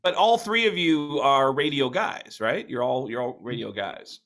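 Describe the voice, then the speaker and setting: A man, a comedian guest, telling a story in casual chat with animated delivery and free swearing. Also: medium pitch, a little slow. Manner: animated, mimics others in stories; swears freely.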